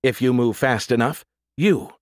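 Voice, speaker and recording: A man narrating an audiobook voices a sharp young woman who gives brisk, urgent orders over a radio link. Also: medium pitch, no echo, clean studio sound, close to an everyday voice. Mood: urgent, commanding.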